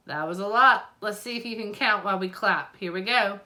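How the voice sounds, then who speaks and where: A woman teaching a lesson to preschool children, talking in a slow, encouraging sing-song way. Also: mid-range voice, noisy background. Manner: sing-song, encouraging, speaks slowly and clearly to young children.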